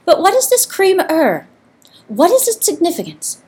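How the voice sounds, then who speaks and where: A woman voicing a timid, curious male field mouse who speaks in a squeaky, trembling and overly polite way. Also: huge pitch swings, normal speed, darkish tone, full character voice.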